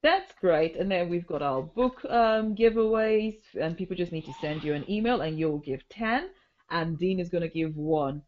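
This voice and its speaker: A woman hosting a podcast in casual chat, slightly hoarse from a cold, chatty, with many ums and easy laughter. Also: fairly low pitch, animated, moderate pace, dull audio. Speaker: podcast host.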